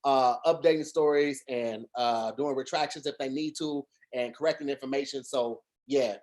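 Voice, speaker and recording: A man's voice: medium pitch, steady tone, normal speed, a little mellow. A man co-hosting a casual podcast chat over a video call, talking earnestly in long rambling runs with restarts and fillers. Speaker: podcast co-host.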